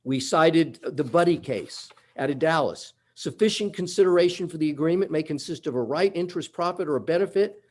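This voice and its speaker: Male lawyer making a methodical, emphatic courtroom argument; voice sits a little high. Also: fairly quick, few pauses, darkish tone. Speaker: attorney.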